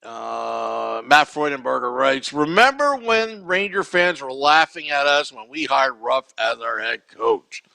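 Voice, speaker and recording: A man's voice: mid-range voice, measured pace, creaky, few pauses, bright, forceful tone, no room sound. A man hosting a podcast alone, chatting casually and rambling with many fillers. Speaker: podcast host. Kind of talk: casual solo podcast talk.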